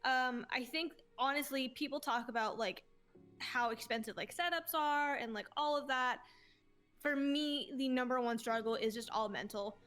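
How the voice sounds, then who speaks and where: A woman's voice: high-pitched, normal speed, fairly bright tone, soft background music. A woman in her twenties, a streamer guest, telling stories in a casual interview in a gushing, heartfelt way and swearing casually.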